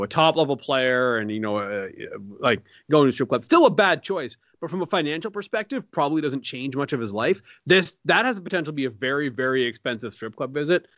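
A man's voice: mid-range voice, a bit bright, no echo, lo-fi sound. A man co-hosting a casual sports betting podcast, musing aloud with lots of hesitations and fillers. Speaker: podcast co-host.

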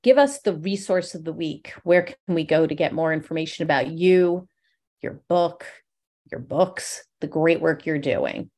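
Podcast host, a woman, low voice, eager and chatty. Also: a little slow, a little mellow. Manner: enthusiastic, rambling with restarts. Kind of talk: casual interview chat.

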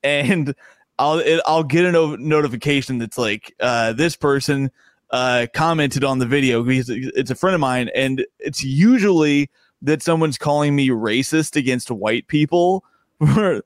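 A man's voice: medium pitch, unhurried, no room sound. Rambling, laughing male comedian. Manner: rambling, self-interrupting, laughs often. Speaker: stand-up comedian guest. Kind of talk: casual podcast interview.

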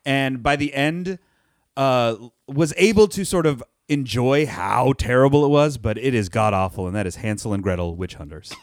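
A man's voice: mid-range voice, normal speed, no echo, studio quality. A man co-hosting a casual movie-talk podcast, rambling and wry, with frequent restarts. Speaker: podcast co-host. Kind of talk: casual chat.

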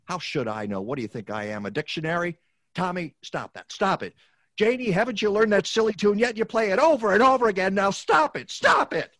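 A man's voice: high voice, expressive, a little fast, a bit bright, dry recording, studio quality. A man voicing a short-tempered, frazzled middle-aged family man in a comic parody, snapping in exasperated outbursts. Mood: irritable.

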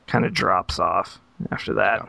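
A man co-hosting a casual gaming podcast, making upbeat quick remarks. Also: sits low, fairly even intonation, creaky, pushed and bright, no echo. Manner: upbeat, quick remarks, reads chat questions. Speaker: podcast co-host. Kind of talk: casual chat.

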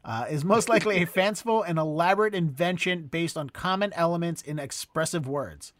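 A man with a Boston accent hosting a casual comedy podcast. He has a high voice and a dry, close recording. He rambles along and keeps tripping over longer words. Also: brisk, fairly bright tone, no echo. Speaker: podcast host.

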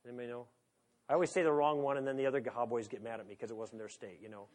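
A man's voice: medium pitch, steady tone, very fast. A man lecturing to an audience in a conversational, humorous way, full of rhetorical questions. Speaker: speaker on moral philosophy.

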